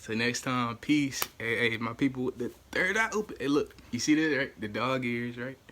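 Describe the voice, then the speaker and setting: A man vlogging to camera, ranting casually in slang, repeating "you know what I'm saying" and swinging from low muttering to loud exclaiming. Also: moderate pace, slight background noise.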